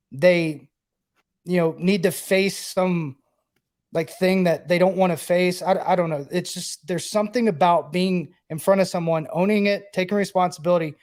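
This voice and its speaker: A man with a notably high speaking voice talks casually on a sports podcast, loose and rambling. He was a player and now works in broadcasting, and he fills his sentences with "like". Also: darkish tone. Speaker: co-host, former player and broadcaster.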